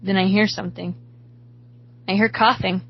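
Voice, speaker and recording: Woman reading a horror story, hushed. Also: mid-range voice, steady tone, normal speed, gravelly, husky, muffled recording.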